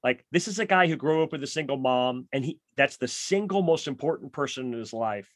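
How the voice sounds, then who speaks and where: Excitable man, dry close sound. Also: mid-range voice, brisk, dry recording. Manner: enthusiastic, rambling, lots of "like". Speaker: podcast host. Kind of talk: casual chat about music.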